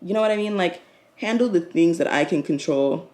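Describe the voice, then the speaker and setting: A woman's voice: fairly low pitch, a little fast, darkish tone. A young woman, telling a story in a casual vlog and acting out both sides of the conversations. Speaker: vlogger.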